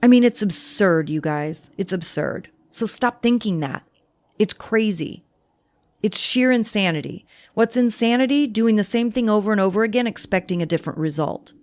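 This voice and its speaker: Woman, sobriety podcast host, blunt, tough love, repetitive emphasis, swears, medium pitch. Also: lively intonation, moderate pace, a little mellow. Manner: swears freely. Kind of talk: direct motivational talk.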